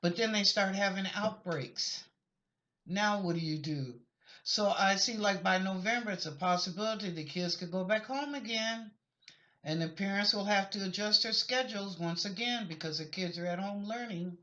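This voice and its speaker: A bright, forceful-voiced woman chats her way through psychic predictions for viewers. She wanders and apologizes as she goes, and the recording sounds muffled and lo-fi. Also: medium pitch, moderate pace. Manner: chatty, rambling, apologetic asides. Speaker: psychic reader answering viewer questions. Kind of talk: casual spoken reading of questions. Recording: lo-fi dull recording.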